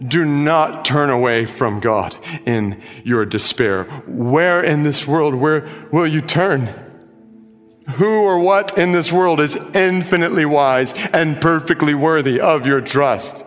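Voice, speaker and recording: Male pastor, slow deliberate sermon delivery, recorded in a large church with music beneath. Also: on the high side. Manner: slow, emphatic preaching with dramatic scripture reading. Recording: music behind, long hall reverb.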